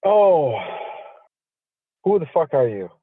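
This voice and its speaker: Guy on a crappy phone line, sarcastic and amused, bouncy husky voice. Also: a little high, very animated, takes it slowly, no echo. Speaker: prank call target.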